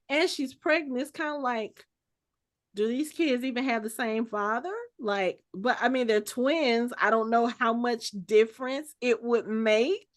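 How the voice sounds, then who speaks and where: A woman hosting a podcast in casual chat, rambling and laughing often as she recaps a TV episode. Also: on the high side. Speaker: podcast host.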